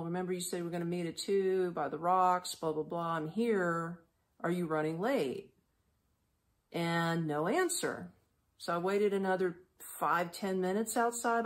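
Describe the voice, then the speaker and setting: Chatty American woman telling a story. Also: lowish voice. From United States. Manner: animated, chatty, full of fillers and quoted dialogue. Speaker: podcast host. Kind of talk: casual storytelling.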